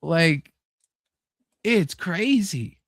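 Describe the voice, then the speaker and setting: A man hosting a casual chat show, talking excitedly and rambling with lots of fillers and swearing. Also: on the high side, drawn-out words, no room sound, studio quality. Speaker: podcast host.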